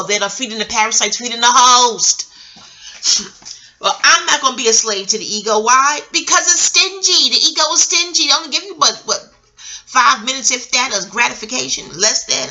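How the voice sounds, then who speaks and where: A middle-aged woman venting in a casual, scattered, profanity-laced rant, swinging between loud outbursts and quiet asides. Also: on the high side. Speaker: vlogger.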